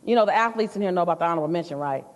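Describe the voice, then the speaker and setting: A woman giving an animated, humorous motivational keynote and speaking straight to the audience in a large hall. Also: lowish voice, rapid-fire. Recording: long reverb of a large hall.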